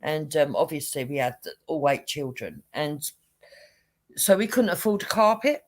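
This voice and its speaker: Narradora británica de mediana edad en charla informal, con entonación muy viva y risas frecuentes. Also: female voice, sits low, moderate pace. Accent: British English. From Britain. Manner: lively storytelling, laughs often, swears casually. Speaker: panel guest. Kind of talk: casual anecdote on a live panel show.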